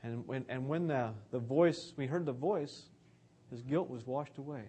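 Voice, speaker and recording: A man's voice: medium pitch, measured pace, warm tone, husky. A man giving an earnest, conversational sermon about scripture.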